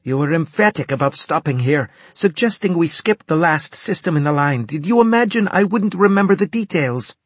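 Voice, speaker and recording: A man voicing an imperious, short-tempered female starship commander who speaks in a sharp, clipped, accusing way. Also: fairly high pitch, lively intonation, normal speed, few pauses, husky, no echo, pitched above the performer's own voice. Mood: angry, accusing.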